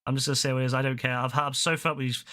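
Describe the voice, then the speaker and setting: A man's voice: mid-range voice, rapid-fire. A man, chatting casually while gaming, ranting animatedly with a lot of swearing. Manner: ranting, profane, animated storytelling. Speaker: gaming video host.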